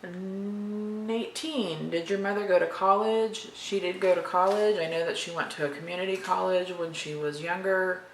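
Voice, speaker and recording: Reading tag questions aloud and answering them, a woman in her thirties from Florida, USA, talks in a chatty, rambling, matter-of-fact way. Her voice sits on the low side with fairly even intonation, normal speed, and few pauses; the room echoes and carries faint background noise.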